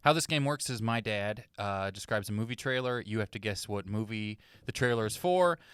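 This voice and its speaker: A man's voice: fairly low pitch, expressive, moderate pace, a bit bright, clear, resonant tone, no echo. A man hosting a podcast, dryly joking as he runs the games. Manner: dry, joking, running the games. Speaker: podcast host. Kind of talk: casual podcast chat, game hosting.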